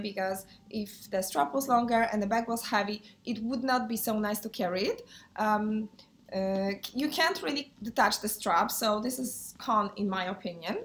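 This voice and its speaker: In a casual English-language handbag review vlog, a woman with a medium-pitched, slightly bright voice sounds unwell because of a cold. She's friendly but hesitant, with non-native phrasing and frequent pauses and fillers.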